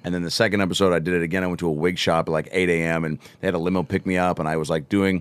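Deep-voiced man telling casual stories. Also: flat delivery, rapid-fire, clean tone, no room sound. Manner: storytelling, playful voice impressions. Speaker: podcast host. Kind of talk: casual chat.

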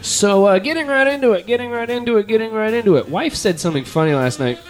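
A man's voice: high voice, lively intonation, quick pace. Man, podcast host, casual chat, self-deprecating, rambling, faint background music.

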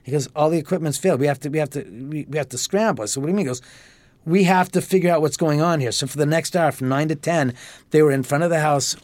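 A man telling a story as a podcast guest, animated and profane, acting out the dialogue. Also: a little high, no echo. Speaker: homeowner guest.

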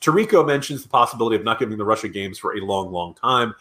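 A man's voice: fairly low pitch, animated, fast, a bit bright. A man co-hosting a political podcast, talking in a sarcastic, ranting way. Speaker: podcast co-host. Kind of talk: casual political chat.

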